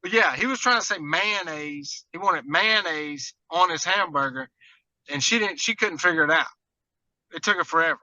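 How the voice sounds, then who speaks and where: A man's voice: a little high, moderate pace, pushed and bright, no room sound, lo-fi sound. A man, a guest angler, telling a story in a laid-back way, chuckling as he goes.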